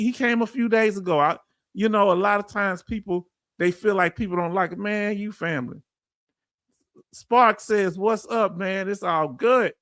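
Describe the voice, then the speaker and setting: A middle-aged man from Texas with a Southern accent, hosting a casual veterans' livestream and answering his chat in a folksy, animated way. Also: sits high, dry recording, studio quality.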